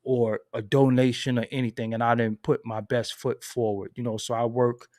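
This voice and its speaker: Dude ranting on his stream, aave, goes from low mumbles to squeaky high, dry close mic. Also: normal speed, no room sound. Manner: animated venting, swings from low mutters to high outbursts. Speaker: commentary channel host. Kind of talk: casual livestream commentary.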